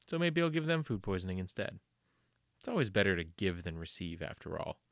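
A young man talks casually on his own podcast, rambling with plenty of fillers and self-mockery. He swears freely. His voice is lowish and the recording is close and dry. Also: very animated, brisk, vocal fry, dry recording. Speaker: podcast host.

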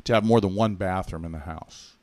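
A man's voice: low voice, fairly quick, darkish tone, no room sound. A middle-aged man from Massachusetts, telling his childhood story in a rambling, chatty podcast interview. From Massachusetts, USA. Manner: chatty, rambling, self-correcting with many asides. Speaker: podcast co-host being interviewed.

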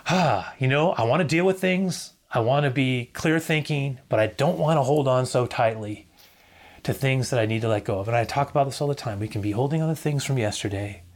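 A middle-aged man preaches in an earnest pastoral tone. He repeats his key lines and now and then falls almost to a whisper. His pitch sits in an ordinary middle range for a man. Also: a little fast. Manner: earnest, repeats key phrases, drops to a near whisper at times. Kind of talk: sermon.

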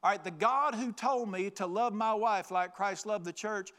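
A man's voice: high voice, moderate pace, fairly bright tone. A man preaching a folksy, joking, emphatic sermon. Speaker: pastor.

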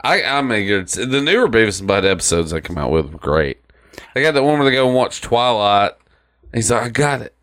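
A man's voice: sing-song, fairly quick, fairly bright tone. A middle-aged man co-hosting a podcast, chatting casually with lots of swearing and rambling retellings. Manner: profane, rambling, acts out cartoon quotes in silly high voices. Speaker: podcast co-host. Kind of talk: casual chat.

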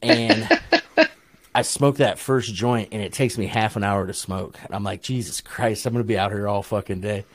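A man's voice: lowish voice, moderate pace, no room sound. Laid-back, profane Ohio man storyteller. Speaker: podcast co-host. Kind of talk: casual chat, storytelling.

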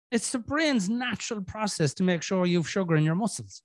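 A man's voice: high-pitched, lively intonation, brisk, no echo, studio quality. A middle-aged Irish man hosting a podcast, telling a story in casual chat, swearing a lot and acting out his inner voices. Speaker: podcast host.

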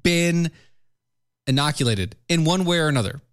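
A man's voice: on the high side, animated, moderate pace, clean tone. A man co-hosting a casual political podcast, teasing and repeating lines for comic effect. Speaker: podcast co-host.

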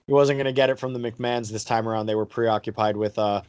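A man's voice: fairly low pitch, steady tone, fast, darkish tone, smooth, no room sound. A man hosting a casual podcast, rambling with lots of fillers and crude jokes. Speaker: podcast host.

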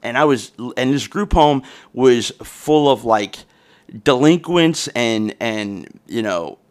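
A man's voice: medium pitch, lively intonation, takes it slowly. A young man hosting a podcast, telling a story in a loose, profane, rambling way with frequent restarts. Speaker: podcast host.

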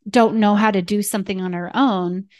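A woman's voice: medium pitch, fairly even intonation, normal speed, a little mellow, dry recording, studio quality. A woman, a parent coach, hosting a podcast and teaching in numbered steps, often checking in with "right?" and "okay.". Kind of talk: instructive podcast talk.

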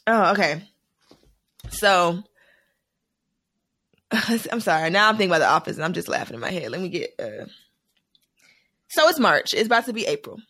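A man hosting a casual podcast, an animated storyteller who laughs often. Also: high-pitched, normal speed, long pauses, no echo, clean studio sound. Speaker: podcast host.

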